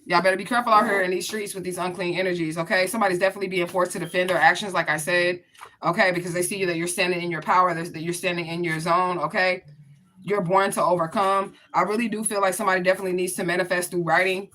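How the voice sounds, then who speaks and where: A woman's voice: lowish voice, steady tone, fast, sharp tone. A woman giving a casual spiritual reading to her viewers, blunt and profane, talking straight to them. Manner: blunt, profane, chatty, addresses viewers directly. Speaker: spiritual reader.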